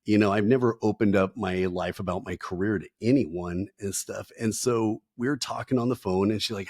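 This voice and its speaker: Middle-aged man, low voice, blunt slangy storyteller, dry close recording. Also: fairly quick, hardly any pauses, a little mellow, no echo. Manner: casual and blunt, slangy, acts out quoted voices. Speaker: podcast guest, retired firefighter. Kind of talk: candid storytelling interview.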